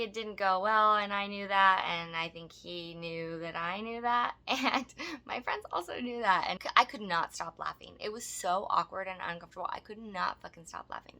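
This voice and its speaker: A woman's voice: mid-range voice, bright, forceful tone. A woman co-hosting a podcast, telling a story in casual chat, blunt and profane, often breaking into laughter. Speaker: podcast co-host.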